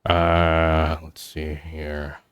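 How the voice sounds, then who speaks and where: A man voicing a hesitant, polite father who speaks slowly and haltingly at a family dinner. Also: very deep voice, completely flat delivery, clear, resonant tone, dry recording, lo-fi sound, voice pushed down, full character voice. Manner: halting, slow, soft-spoken, telepathic speech.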